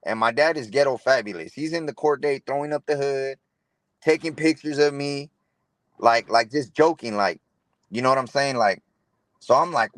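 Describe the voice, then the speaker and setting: A man's voice: medium pitch, normal speed, a bit bright, dry recording. A young man, telling a personal story in an interview in laid-back street slang, often saying "bro" and acting out what people said. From Los Angeles area, California. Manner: street slang, says "bro" a lot, retells dialogue. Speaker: interview guest.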